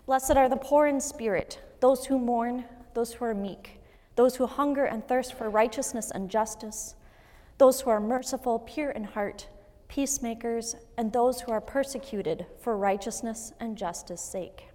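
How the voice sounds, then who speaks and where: A woman in her thirties, a pastor, preaching a sermon in an earnest, measured way with light personal asides. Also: fairly high pitch, mellow. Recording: long reverb of a church hall.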